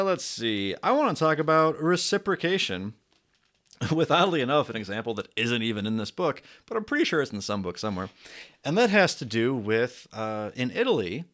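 Guy hosting his own show, rambly and crude, joking at himself, loud one sec then mumbling. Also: medium pitch. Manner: rambling, crude, self-mocking asides; swings between loud bursts and muttered asides. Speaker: show host. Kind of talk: casual comedic book rundown.

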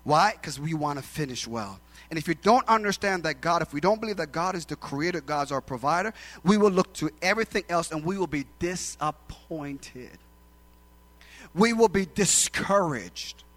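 Man, pastor, sermon, middle-aged, higher voice, bright tone, hushed to loud. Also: lively intonation, moderate pace, few pauses. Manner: preaching with big swings from hushed to loud; acts out quoted voices in his stories.

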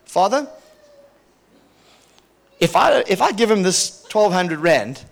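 A male pastor preaching a sermon, telling a personal testimony in a lively, chuckling way and often repeating himself. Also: high-pitched, slow pace, gravelly.

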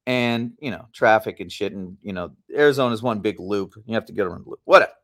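A man co-hosting a podcast, telling a long story in a heated, animated way and swearing often. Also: fairly low pitch, quick pace. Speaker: podcast co-host. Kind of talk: casual storytelling.

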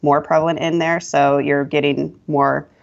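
A woman, a guest esthetician, giving relaxed advice in a casual podcast interview with many fillers. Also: low-pitched, moderate pace, vocal fry, dull audio. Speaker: guest esthetician and yoga instructor.

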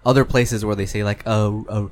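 A man's voice: fairly low pitch, fairly even intonation, moderate pace. Rambling laid-back man on a podcast. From California. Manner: rambling, loose, swears casually, laughs easily. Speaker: podcast co-host. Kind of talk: casual chat.

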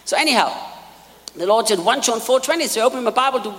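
A man preaching a sermon in a large hall, emphatic, repeating key lines and swinging between quiet asides and loud peaks. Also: extremely high pitch, animated, quick pace. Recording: long hall reverb.

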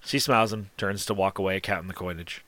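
A man narrating a tabletop game as game master, in a relaxed, rambling, descriptive way. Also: deep voice, fast, no room sound. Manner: relaxed, casual, descriptive, lots of "sort of" and "like".

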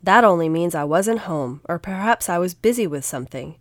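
Stern, lecturing storybook neighbor, read by a woman narrator, lowish voice, very dry. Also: animated, fairly quick, no room sound, close to an everyday voice. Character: stern, proper grown man neighbor, computer expert.

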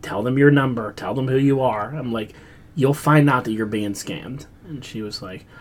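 A man's voice: mid-range voice, normal speed. A man co-hosting a casual pop culture chat show, telling stories animatedly and acting out the voices in them. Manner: animated storyteller, acts out quotes, swears freely. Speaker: podcast co-host.

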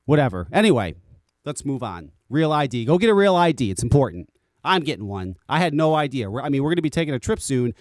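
A man's voice: medium pitch, sing-song, quick pace, no echo, clean studio sound. An American man hosting a podcast, ranting casually with frequent swearing and repeated words. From United States. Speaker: podcast host.

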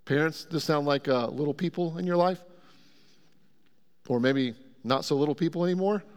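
A pastor preaching a sermon in a conversational way and asking the congregation questions. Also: male voice, a little high, moderate pace, a little mellow, smooth. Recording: long hall reverb.

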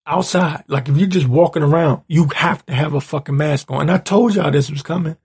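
A man's voice: on the high side, brisk, few pauses, a little mellow. A man hosting his own show, delivering an angry, profane political rant that keeps building into heated outbursts. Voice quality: gravelly, husky. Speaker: show host.

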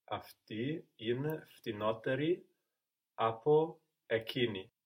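A man's voice: mid-range voice, darkish tone. A man working as a language student, answering drill questions carefully and sometimes correcting himself partway through. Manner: slow, careful answers with occasional self-corrections.

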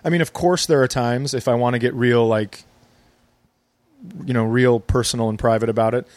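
A man from Minnesota, a guest comedian, talking in a relaxed, wry and matter-of-fact way with some swearing. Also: mid-range voice, normal speed, dry recording. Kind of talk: casual conversation.

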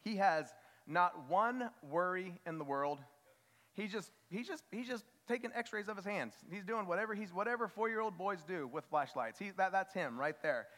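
High-voiced man telling a church story. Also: expressive, fairly bright tone. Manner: halting, repeats words, earnest storytelling. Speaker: father speaking to a church congregation. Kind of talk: personal story in a church message. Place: church sanctuary. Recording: long hall reverb.

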